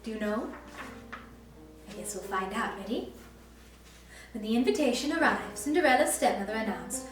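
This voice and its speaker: A woman reads a picture book aloud to small children in a sing-song storytelling voice, stopping to ask them questions. Her voice is fairly high and sounds distant, bouncing around an echoey room. Soft music plays faintly behind her. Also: animated, normal speed, pauses often. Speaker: costumed children's storytime reader. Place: library program room.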